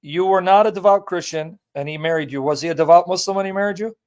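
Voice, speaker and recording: Man, call-in host, blunt, jokey, casual stream talk, slightly high voice. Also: fast talker, darkish tone. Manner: blunt and joking. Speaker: host of a live call-in debate. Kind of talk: casual live-stream chat.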